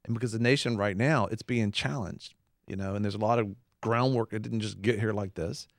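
A man's voice: lowish voice, fairly quick, dry recording, clean studio sound. A man co-hosting a Christian talk show, preaching earnestly in casual conversation and acting out quotes. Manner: earnest, animated, acts out quotes.

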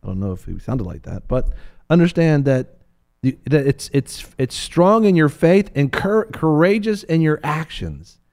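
In an unhurried, higher-than-average voice, a man teaches scripture during a preaching talk, lively and playful as he acts out what biblical figures say.

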